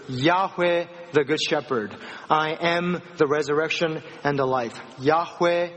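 A man preaching a sermon, retelling scripture with animated voices for the people in the story. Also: on the high side, long reverb tail. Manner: animated storytelling, acting out dialogue.

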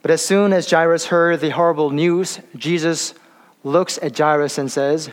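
Male pastor, sermon, halting with fillers, somewhat high voice, long reverb. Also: fairly even intonation. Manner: halting, many fillers and restarts.

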